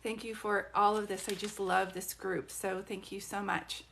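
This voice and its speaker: A woman's voice: medium pitch, little pitch movement, moderate pace, gravelly, a bit bright, a little hiss or hum. A woman working as a psychic medium, giving live social media readings in a chatty, rambling way and asking viewers questions.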